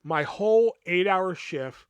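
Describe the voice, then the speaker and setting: Male podcast host with a fairly high voice, ranting through a personal story, lots of cursing and fillers. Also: lively intonation, slow, smooth, no echo. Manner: profane, heated storytelling with fillers.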